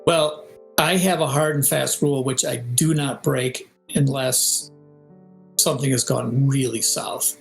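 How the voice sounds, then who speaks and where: Older man, gravelly voice, lively storyteller, singing out melodies, faint music behind. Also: mid-range voice, unhurried, low-quality recording. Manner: animated storyteller, sings melodies and mimics voices. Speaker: game composer and audio director. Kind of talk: casual interview over video call.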